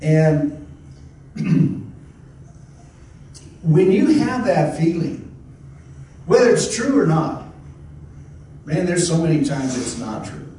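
A man preaching a folksy, rambling sermon, his slightly high voice carrying from a distance. The sound is very echoey, with faint noise behind. He restarts often and talks like he's chatting with the congregation. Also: expressive, slow pace, long pauses, warm tone. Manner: conversational, repeats and restarts, folksy exclamations. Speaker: pastor.

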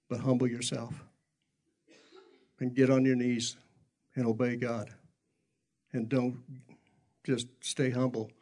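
A man's voice: medium pitch, vocal fry, a little mellow. A middle-aged man, a pastor, telling stories in a folksy, self-deprecating way in a sermon. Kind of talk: sermon storytelling.

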